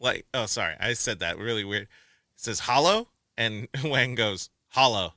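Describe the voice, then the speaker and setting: A man's voice: on the low side, normal speed, pushed and bright, no room sound. A man co-hosting a movie review podcast in casual chat, laughing often and acting out quotes from the film. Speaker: podcast co-host.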